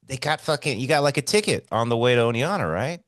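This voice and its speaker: A man co-hosting a podcast in casual chat, excitable and swearing freely, swinging between loud bursts and hushed asides. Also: medium pitch, quick pace, no echo, clean studio sound. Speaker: podcast co-host.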